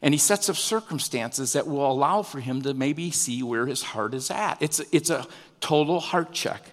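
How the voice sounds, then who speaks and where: A man preaching a sermon, animated, his pitch rising and falling with emphasis. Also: normal speed, long reverb tail. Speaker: pastor.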